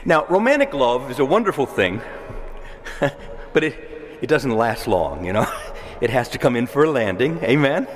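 Animated male preacher in an echoing church. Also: medium pitch, normal speed, pauses often. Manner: emphatic, repeats key words and asks the congregation for agreement. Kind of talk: sermon.

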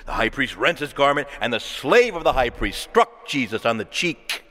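A man preaching a sermon in a church, lively and dramatic, acting out the voices he quotes and swinging from loud to hushed. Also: mid-range voice, moderate pace, long reverb tail.

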